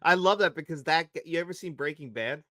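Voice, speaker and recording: A man co-hosting a film podcast, talking in a relaxed way and laughing easily. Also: a little high, fast, no room sound, studio quality. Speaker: podcast co-host. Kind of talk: casual film chat.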